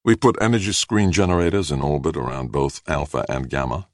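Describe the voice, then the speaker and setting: A man voicing a wry, calm doctor. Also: very deep voice, brisk, no echo.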